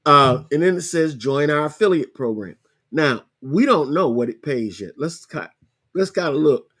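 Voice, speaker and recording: A man hosting a podcast, casually walking viewers through a screen-share tutorial, repeating himself and spelling things out slowly. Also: a little high, expressive, a bit bright. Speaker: podcast host.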